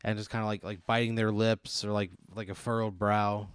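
Man, low voice, casual rambling storyteller, dry close sound. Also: flat delivery, moderate pace, clear, resonant tone, no room sound. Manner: rambling, many "like" and "uh" fillers. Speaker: comedy sketch host posing a hypothetical.

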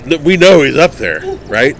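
A man's voice: a little high, sing-song, moderate pace. A man hosting a podcast, teasing his guests in loose, joking banter and swearing freely. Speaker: podcast host. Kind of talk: casual banter among barbecue cooks.

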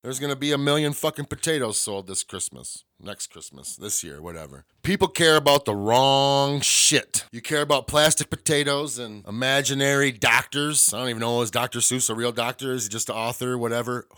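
A man's voice: medium pitch, fairly bright tone, dry recording. A man hosting his own podcast, ranting bluntly and swearing often in a casual monologue from a small home studio. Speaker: podcast host.

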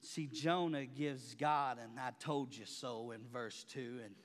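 A man preaching a sermon as pastor, swinging from quiet murmurs to loud, high shouting in a dramatic, colloquial preaching style. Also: steady tone, slow, in a large hall.

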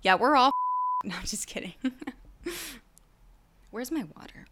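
A woman hosting a casual solo podcast, chatty and animated, often acting out people's lines in playful voices. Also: sits high, slow, heavy background noise. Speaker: podcast host.

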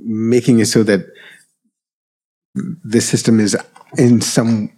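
Podcast host, deep voice, slow, halting delivery with lots of ums. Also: male voice, little pitch movement, warm tone. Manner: hesitant, lots of fillers and restarts. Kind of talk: casual political reflection.

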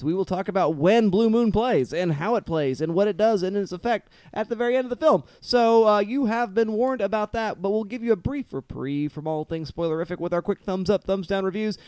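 High-pitched guy hosting a movie podcast, upbeat, dry close mic. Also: darkish tone, clear, resonant tone, no room sound. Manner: upbeat, quick-talking. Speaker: podcast host. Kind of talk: casual film podcast chat.

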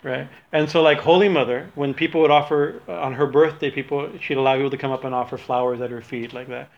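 A man's voice: medium pitch, fairly even intonation, quick pace, creaky. A man giving an informal religious talk, rambling and correcting himself, with frequent laughs. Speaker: religious teacher. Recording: dull lo-fi recording.

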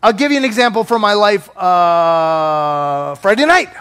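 A male pastor preaching a sermon with personal stories, animated and self-deprecating with humor. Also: sits high, unhurried, smooth.

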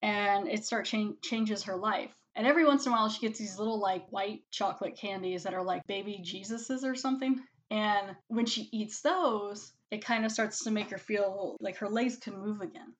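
Chatty woman recapping a movie, says like a lot, does little character quotes, middle pitch. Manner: chatty, full of "like", acts out characters' lines in quick quotes. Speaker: movie reviewer. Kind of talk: casual spoken movie review.

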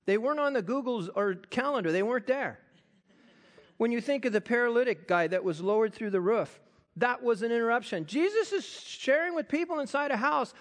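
A man preaching a sermon, animated and acting out quoted voices. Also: very high-pitched, a little fast. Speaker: pastor.

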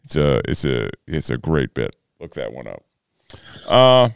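A man's voice: a bass voice, huge pitch swings, unhurried, creaky, clear, resonant tone, no room sound, studio quality. A man co-hosting a podcast in casual chat, loose and profane, joking around. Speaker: podcast co-host.

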